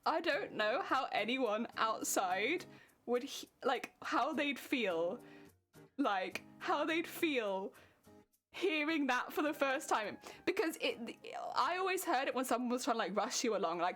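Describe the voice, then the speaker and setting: A young British woman chatting casually with her stream viewers from home, chatty and quick to laugh. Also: high-pitched, animated, fairly bright tone. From Britain. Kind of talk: casual chat with stream viewers while crafting. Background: faint music.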